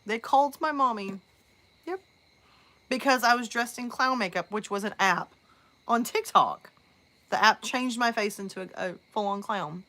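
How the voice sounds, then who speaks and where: A woman who narrates horror chats casually with her live-stream audience. She tells a story in a loose, rambling way. Her voice is bright and forward. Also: medium pitch, normal speed. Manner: rambling, chatty storytelling with restarts.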